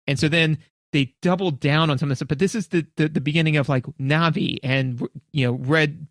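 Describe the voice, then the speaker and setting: Podcast dude rambling, kinda high voice, dry mic. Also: male voice, fairly quick, no room sound. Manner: rambling, emphatic, many restarts and asides. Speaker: podcast co-host. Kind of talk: casual podcast chat.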